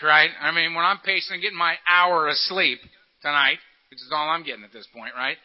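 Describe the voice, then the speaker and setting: Man, high voice, lively storytelling to a meeting, acted-out quotes, dull lo-fi recording. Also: fast. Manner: animated, acts out quotes, laughs often. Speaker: speaker at a recovery meeting. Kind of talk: storytelling talk to an audience.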